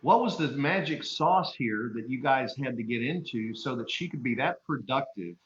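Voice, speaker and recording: A man's voice: mid-range voice, expressive, moderate pace. A man hosting a live interview, asking casual questions and encouraging his guest. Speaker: host. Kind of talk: live video call interview. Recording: dull lo-fi sound in a roomy space.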